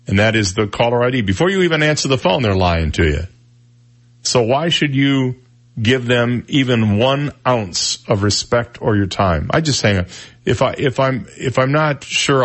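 A middle-aged man hosting a radio talk show, delivering a gruff, opinionated monologue in a casual, conversational way. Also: on the low side. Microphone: studio microphone.

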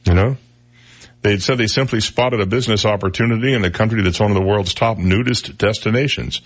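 A man hosting a casual radio talk show, telling odd news stories with jokey asides. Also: on the low side. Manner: chatty storyteller, jokey asides, quick impressions. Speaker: radio host.

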